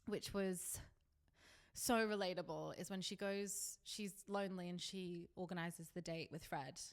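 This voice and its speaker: A woman's voice: on the low side, measured pace. A young adult woman, co-hosting a podcast in a candid, sweary, chatty way. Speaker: podcast co-host. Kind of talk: casual chat.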